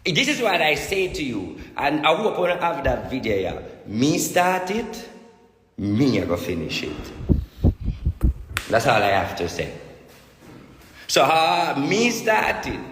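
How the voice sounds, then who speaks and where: A man's voice: medium pitch, noisy background. A Jamaican man speaks as a self-proclaimed prophet, pressing each point with emphatic repetition. The sound rings through an echoey room, with a long reverb tail after each phrase. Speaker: self-styled spiritual prophet. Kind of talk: ranting monologue.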